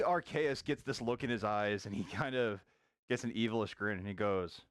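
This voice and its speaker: A man running a tabletop role-playing game as game master, narrating in an unhurried, descriptive way. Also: on the low side, dry recording, clean studio sound.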